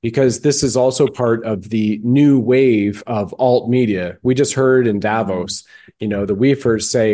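A man's voice: medium pitch, unhurried, warm tone. A male podcast host interviewing a guest in a fervent, emphatic, folksy way. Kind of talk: interview conversation.

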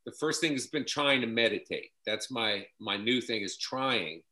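A man chatting casually as a guest, halting and stopping to restart his sentences. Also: mid-range voice, animated, bright, forceful tone. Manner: halting, many restarts and fillers. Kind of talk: casual chat.

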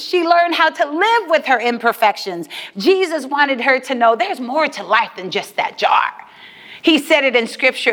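A woman delivers a sermon in a high voice, building her points through rhythmic, emphatic repetition and calls to her listeners. Her words ring out with a long reverb trailing behind them. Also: fairly bright tone. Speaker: preacher.

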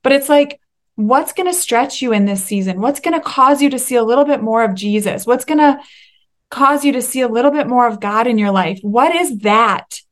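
Young woman, solo podcast host, excitable and emphatic, slightly high voice. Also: normal speed. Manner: excitable, emphatic, laughs and gets teary. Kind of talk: solo faith-based podcast monologue.

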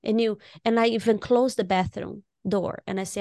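A woman co-hosting a conversation show, speaking as a therapist with an expressive, heartfelt delivery. She often restarts her sentences by repeating a word or two. The sound is dry and close. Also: mid-range voice, a little slow, vocal fry, no room sound. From Latino community. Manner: expressive, warm-hearted, repeats words when starting a thought. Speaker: podcast co-host and music therapist. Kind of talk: casual conversation.

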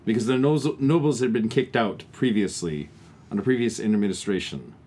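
A man's voice: on the low side, moderate pace, warm tone, slightly rough. A man on a casual drinking podcast, joking and arguing, often stumbling over his words. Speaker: podcast co-host or guest. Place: his own home, indoors.

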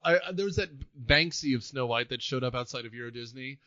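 A man co-hosting a casual movie-review podcast, animated, laughing often and acting out lines from films. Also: medium pitch, quick pace, no echo, highs cut off. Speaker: podcast co-host.

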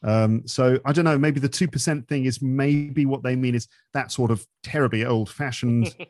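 A man from England speaks in a modern Received Pronunciation accent, with faint Midlands and London traces. His tone is chatty and explanatory, and he thinks aloud with frequent hedges. His voice sits at a middle pitch, and the sound is dry and close. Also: normal speed, darkish tone, no room sound. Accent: modern Received Pronunciation, slight Midlands and London traces. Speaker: English teaching podcast host, interview guest. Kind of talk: casual explanatory chat.

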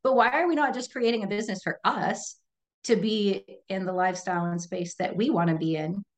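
Animated woman yoga teacher talking shop. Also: medium pitch, brisk. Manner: animated, reflective, laughs easily. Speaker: podcast guest and yoga teacher. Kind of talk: casual conversation.

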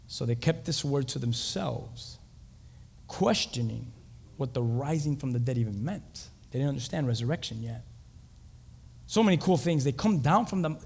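A man preaching a sermon, animated, acting out scenes and asking the congregation questions, in a reverberant hall. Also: medium pitch, moderate pace, gravelly, breathy edge.

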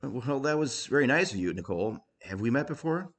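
A man puts on a chirpy male doctor with a wide-grin voice, pitched up high and sing-song. The doctor stays relentlessly, falsely cheerful while quizzing a patient. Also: expressive, a little fast, a bit bright.

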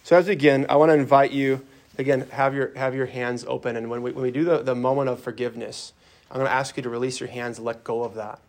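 A man giving an earnest sermon-style talk, leading a group in a guided prayer meditation. He speaks in a plain voice with small restarts and lowers his voice to voice gentle quoted words. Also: little pitch movement, fast. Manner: earnest, softens for quoted lines, some restarts.

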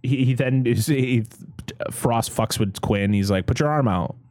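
A man's voice: mid-range voice, measured pace, darkish tone, dry recording. A man co-hosting a casual podcast, recapping a movie scene by scene, swearing freely and laughing often. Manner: profane, laughing, quotes characters. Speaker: podcast co-host.

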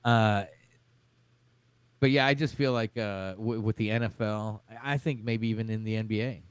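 A man's voice: fairly low pitch, steady tone, moderate pace, clean tone, no echo. A man who is a podcast guest, ranting in casual chat with lots of swearing and restarts. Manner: profane, rambling, ranting.

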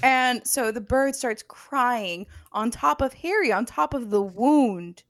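A woman's voice: a little high, slow pace. A woman co-hosting a podcast, animatedly retelling a story in casual chat, with lots of "like" and a dramatic flair. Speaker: podcast co-host.

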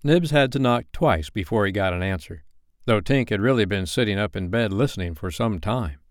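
A man reading a classic novel aloud as a bedtime story, narrating in an expressive, gently wry way. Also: on the low side, normal speed, dry recording, studio quality.

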